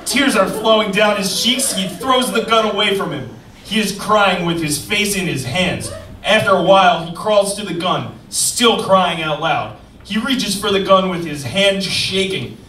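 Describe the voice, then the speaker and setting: A man's voice: high-pitched, a little slow. A man reading stage directions aloud at a live script reading, in a dry, matter-of-fact way. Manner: dry, matter-of-fact reading, now and then breaking into laughter. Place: live stage in an event venue. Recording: echoey room, distant mic, loud background noise.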